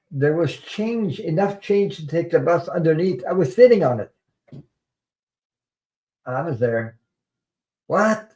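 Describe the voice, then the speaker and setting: A man's voice: mid-range voice, dark tone. A man hosting a tarot live stream, telling a personal story in an earnest, rambling way and repeating words for emphasis.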